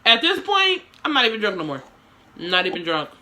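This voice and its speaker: A woman's voice: medium pitch, very animated, a little fast, bright, forceful tone. A young woman telling a story to her camera in casual slang, with swearing and lots of dramatic asides.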